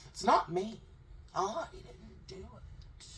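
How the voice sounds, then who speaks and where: A woman's voice: mid-range voice, expressive, a bit bright, far from the mic, a little hiss or hum, pitched above the performer's own voice. A woman mocking a prissy, whiny young man. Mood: whiny self-pitying. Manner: slow, drawn-out, mock-indignant.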